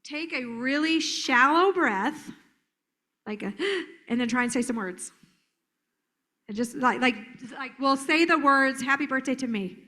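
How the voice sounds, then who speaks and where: A middle-aged woman therapist giving a playful, lively workshop talk at a conference, acting out children's voices as she explains. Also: high voice, slow, long pauses. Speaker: trauma therapist presenter. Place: conference hall.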